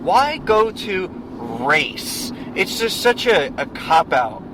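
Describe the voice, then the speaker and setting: A man's voice: high voice, very animated, takes it slowly. A man co-hosting a podcast, talking casually and emphatically in a car, rambling through his opinions. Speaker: podcast co-host. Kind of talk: casual chat. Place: inside a car on the road. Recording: loud road noise in a car.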